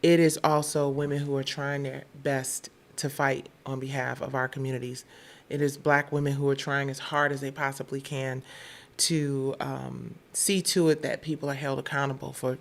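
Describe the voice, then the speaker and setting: A woman's voice: very deep voice, little pitch movement, normal speed, gravelly. A woman from Detroit hosting a casual news commentary show, blunt, irritated and profane. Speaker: show host.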